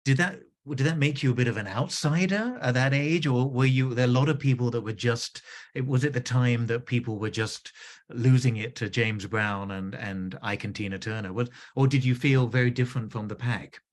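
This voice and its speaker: A man interviewing a guest, asking gentle questions and halting as he rephrases them. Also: mid-range voice.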